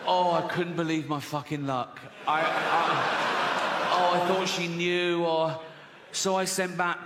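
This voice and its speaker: A man's voice: on the high side, unhurried, pauses often. A man doing stand-up comedy, telling chatty stories and chuckling at his own jokes. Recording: long hall reverb, faint noise.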